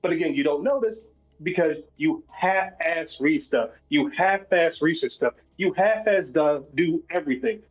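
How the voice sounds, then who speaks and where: A man's voice: a little high, animated, moderate pace. A man in a casual online voice chat, ranting angrily about someone while at work. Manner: angry ranting. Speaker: voice chat participant. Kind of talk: heated casual discussion. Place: at his workplace. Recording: dull lo-fi call audio.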